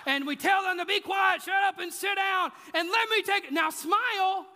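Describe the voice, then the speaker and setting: A man acting out a frazzled parent yelling at their kids during a photo. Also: very high-pitched, voice pushed up, full character voice. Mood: exasperated. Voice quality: shouting, rushed. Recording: echoey hall.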